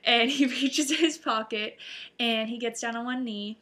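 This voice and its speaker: A woman's voice: a little high, moderate pace, pushed and bright. A young adult woman telling a personal story to camera in a chatty, giggly way, full of fillers and little laughs. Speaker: vlogger telling her proposal story.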